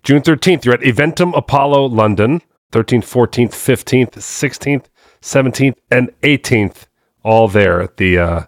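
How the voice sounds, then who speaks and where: A man co-hosting a casual chat with quick, eager reactions. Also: medium pitch, no echo, studio quality. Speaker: podcast co-host.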